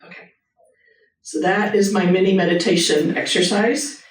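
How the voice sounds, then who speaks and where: A woman's voice: medium pitch, steady tone, normal speed, recorded from a distance. Lady in her 50s giving a heartfelt talk, roomy hall, mic a ways off. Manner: earnest, personal, talks straight to the audience. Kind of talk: motivational talk with guided meditation. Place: hospital hall with a live audience.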